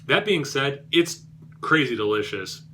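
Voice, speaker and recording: A man's voice: mid-range voice, sing-song, unhurried, bright, forceful tone, a little hiss or hum. A man reviewing beer on his vlog, rambling and self-deprecating, with many fillers and restarts.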